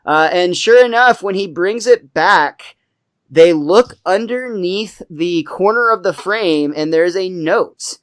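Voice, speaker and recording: Smooth-voiced male podcast host. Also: high-pitched, lively intonation, slow. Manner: recaps episode plot, laughs often. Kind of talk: casual chat.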